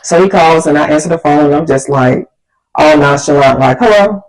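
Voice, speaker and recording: A woman vlogger telling a story casually, animated and slangy, acting out the people she quotes. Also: sits low, a little fast, soft background music, rough recording.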